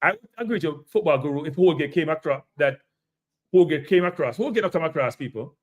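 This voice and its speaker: Jamaican man hosting a football talk show, slightly high voice, emphatic and repetitive. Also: expressive, fast talker. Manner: repetitive, emphatic, addresses viewers as people. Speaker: host of a live football show. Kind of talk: casual football analysis chat.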